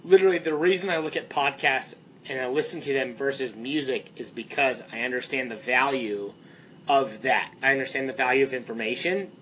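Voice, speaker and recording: A young man co-hosting a podcast, telling stories in animated casual chat and swearing freely. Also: medium pitch, a little fast, slight background noise, poor audio. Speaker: podcast co-host.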